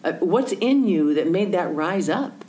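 A woman's voice: on the low side, a little slow, slight background noise, low-quality recording. A woman telling a story in conversation, acting out the voices of the people in it and sometimes dropping to a whisper, with a faith message. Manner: animated storyteller, acts out voices, drops to whispers. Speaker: Christian speaker telling a story.

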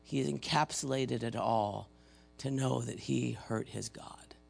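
A man in his fifties or older preaching a sermon conversationally, reading scripture aloud with dramatic swings between loud and soft. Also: medium pitch, measured pace, creaky. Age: 50s or older.

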